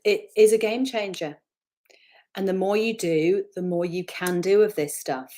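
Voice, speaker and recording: A woman's voice: medium pitch, a little slow. A woman from the north of England with a Northern English accent, a motivational speaker talking in an interview and acting out voices as she explains. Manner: animated, acts out voices of self-talk. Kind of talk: webinar interview talk.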